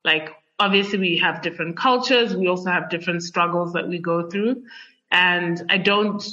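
Chatty young woman, bright lo-fi voice. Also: fairly low pitch, moderate pace. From Zimbabwe. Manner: chatty, many fillers, animated. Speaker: podcast guest. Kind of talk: conversational interview. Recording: dull lo-fi sound.

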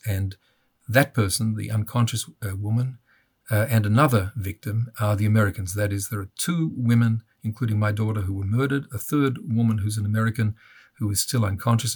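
A man's voice: mid-range voice, slightly rough. An older man speaking as an interview guest, indignant and impassioned. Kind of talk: interview conversation.

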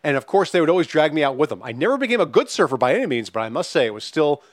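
A man's voice: fairly high pitch, very fast, no room sound. Male podcast host, bouncy upper-range voice, dry close mic, casual and profane. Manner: animated, profane, reads listener questions.

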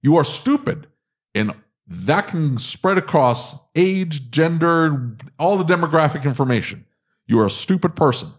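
A man co-hosting a podcast, telling animated stories with blunt jokes and frequent laughs. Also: on the high side, unhurried, breathy edge. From Kansas City area. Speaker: podcast co-host. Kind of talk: casual chat.

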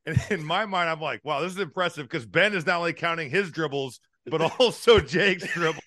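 A man co-hosting a sports podcast, telling stories with a bright, forceful voice. He is animated and laughs a lot. The sound is dry and close. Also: fairly high pitch, a little fast, no echo. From Indiana. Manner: animated storyteller, laughs often. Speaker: podcast co-host. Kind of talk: casual sports chat.

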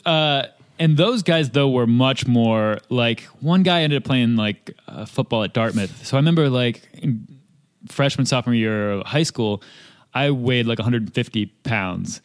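A man who is a podcast guest in casual chat, telling stories in a relaxed way and laughing often. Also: mid-range voice, measured pace.

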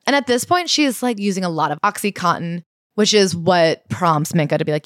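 A woman's voice: lowish voice, a little fast, no room sound, clean studio sound. A young adult woman, a podcast co-host, casually retelling a memoir and acting out the quoted voices. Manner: animated storyteller, acts out quoted voices.

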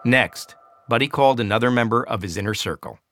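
A man narrating a documentary news story in a measured, scripted way. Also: medium pitch, background noise. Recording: music bed under the voice.

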